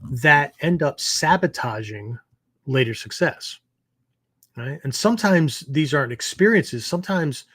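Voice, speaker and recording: A man's voice: fairly high pitch, lively intonation, measured pace, fairly bright tone, husky, dry recording. A man hosting his show as a martial arts teacher, giving a casual spoken lecture that meanders, full of fillers and "right?" tag questions.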